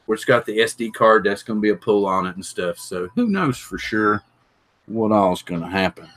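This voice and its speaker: A man's voice: lowish voice, sharp tone, low-quality recording. A middle-aged man, hosting a live stream and thinking aloud as he unboxes, chatting with and greeting viewers. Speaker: drone channel host.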